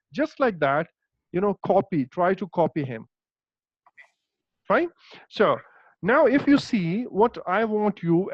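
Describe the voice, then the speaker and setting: This man, a native Urdu speaker with a Pakistani accent, hesitantly teaches an online English class, using lots of fillers and emphasizing words. He has a high voice with no echo, heard through dull, dry lo-fi call audio.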